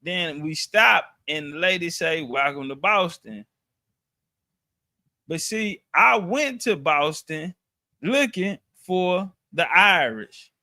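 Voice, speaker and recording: A man tells a casual story packed with slang, profanity and restarts, speaking in an animated way. His voice is high and bright, his pace easy and slow. The recording is dry and close, with no room sound.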